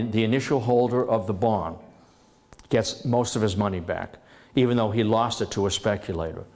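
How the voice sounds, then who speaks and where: A middle-aged man giving a lively history lecture, telling it as a story and stopping to repeat himself and restart. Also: on the low side. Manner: lively storytelling, acts out historical figures in dialogue; restarts and repeats words often.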